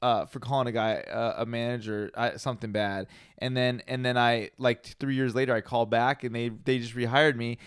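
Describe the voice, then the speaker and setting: A young man hosting a podcast, telling a long story in a profane, animated way and acting out the quotes. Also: mid-range voice, brisk, few pauses, clean tone, no echo, studio quality. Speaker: podcast host. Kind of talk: casual storytelling chat.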